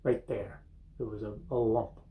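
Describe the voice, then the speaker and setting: An older man hosting a comedy monologue, telling a rambling, halting anecdote from a bathroom, full of restarts and chuckles. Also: on the low side, level tone, narrow, tinny audio. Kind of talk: seated storytelling monologue. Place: bathroom, seated on a toilet.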